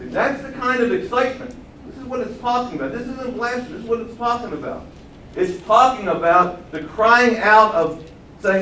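An older man preaching a sermon, swinging from loud exclamations to quiet asides. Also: very high-pitched, normal speed. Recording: roomy sound from far off the mic, faint hum.

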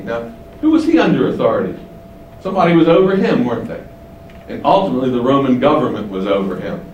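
A man teaching the Bible, explaining and asking rhetorical questions, shifting his pitch for emphasis. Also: sing-song, fast talker, a little mellow, highs cut off. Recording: echoey room, distant mic, faint hiss.

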